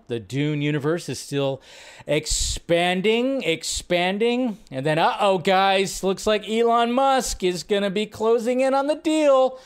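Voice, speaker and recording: A man hosting a live film news stream, talking casually and rambling with lots of fillers, his voice jumping up when he makes a point. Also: clear, resonant tone. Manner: chatty, rambling, filler-heavy; animated, pitch jumps up when making a point.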